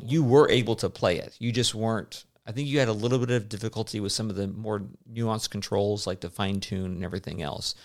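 A man in his thirties hosting a casual podcast chat as a dad, rambling with lots of fillers. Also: fairly low pitch. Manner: rambling, chatty, many fillers.

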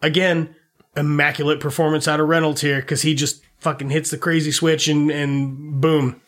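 A man's voice: a little high, level tone, normal speed, a bit bright. A man and a self-described dad, co-hosting a podcast and rambling through a movie plot with lots of swearing and laughter. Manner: profane, rambling, laughs often. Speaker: podcast co-host. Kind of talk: casual movie review chat.

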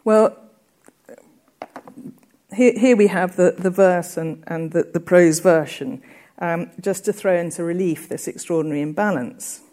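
A woman giving a literature lecture, measured and explanatory, pausing with hesitations and reading verse aloud. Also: fairly low pitch, dark tone. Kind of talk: academic lecture.

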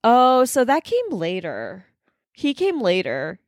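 A woman's voice: on the high side, wildly swooping pitch, slow, dry recording, studio quality. A woman co-host in casual chat, rambling and playful, full of filler words and restarts. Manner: playful, guesses freely.

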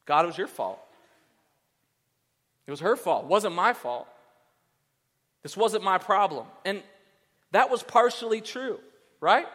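A man preaches a sermon in an easygoing, conversational style, often turning to the congregation with asides. His voice sits a little high and swings from loud emphasis to quiet. It echoes with a long reverb through a large church hall. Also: husky. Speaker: pastor.

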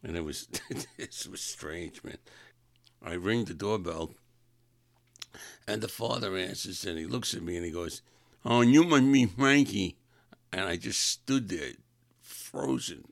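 Gravelly, lively man telling rambling stories. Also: low-pitched, measured pace, dry recording. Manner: rambling, self-correcting, chuckling. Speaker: storyteller. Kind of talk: casual anecdotal storytelling.

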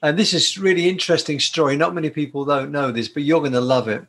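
An older man from the United Kingdom, a guitarist recalling his career in a relaxed interview, talking in a chatty way and often restarting his sentences. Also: fairly high pitch, fast talker. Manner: warm, chatty, with frequent restarts. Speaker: guitarist and performer, interview guest. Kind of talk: casual anecdotal storytelling.

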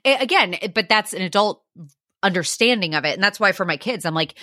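A woman's voice: medium pitch, lively intonation, a little fast, sharp tone, no echo, clean studio sound. A woman in her thirties co-hosting a podcast, chatting casually, swearing freely and acting out stories. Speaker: podcast co-host. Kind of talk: casual chat.

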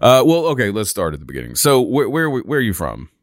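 Playful podcast host with a bouncy voice. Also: male voice, mid-range voice, wildly swooping pitch, fast talker, a crowd in the background. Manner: jokey, teasing, rambling with restarts. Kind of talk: casual podcast banter.

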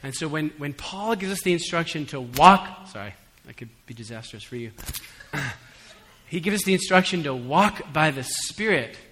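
Bright-voiced male preacher in a reverberant hall. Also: fairly high pitch, animated, normal speed. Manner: conversational preaching with humorous asides; swings between soft and emphatic. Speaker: pastor. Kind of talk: sermon.

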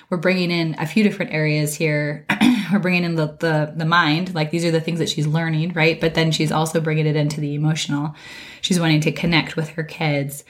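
A woman in her thirties hosting a podcast as a wellness coach, hoarse and raspy from a cold, breathing a little heavily and chatting casually with fillers and small laughs. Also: sits low. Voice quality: raspy, slightly heavy breathing. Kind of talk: casual solo podcast talk.

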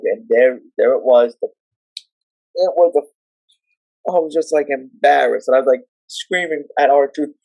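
A man talking with excitement on a podcast, telling wrestling stories and now and then breaking into shrill shouting. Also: normal speed, vocal fry, dry recording, rough recording. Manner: excitable, jumps into shrill shouting when retelling. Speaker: podcast guest. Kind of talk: casual chat.

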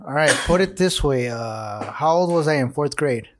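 Man, late twenties, podcast host, casual storytelling, heavy swearing and slang, slightly high voice. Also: normal speed, noisy background. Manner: profane, animated street slang storytelling.

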